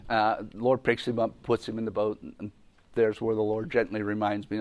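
A man's voice: fairly low pitch, level tone, moderate pace. A man teaching a Bible lesson in a conversational way, often repeating himself and restarting sentences. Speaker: preacher.

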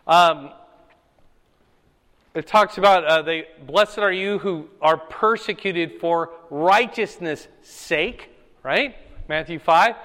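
Emphatic pastor in an echoey hall. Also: male voice, high-pitched, measured pace, fairly bright tone. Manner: emphatic, asks the room "okay?" and "right?". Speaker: pastor teaching a Bible class. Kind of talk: sermon-style Bible teaching. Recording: echoey hall with long reverb.

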